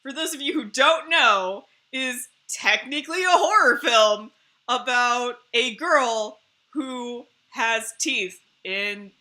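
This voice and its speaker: A woman's voice: on the high side, takes it slowly, sharp tone. A woman streamer in casual chat on a live stream, laughing often and swearing freely.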